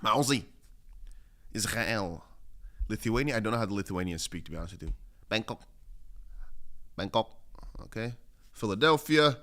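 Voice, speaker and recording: A man's voice: on the low side, animated, normal speed, pauses often, a bit bright. A man hosting a casual crypto livestream, rambling through chart commentary and reading viewer comments aloud. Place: home studio in Dubai.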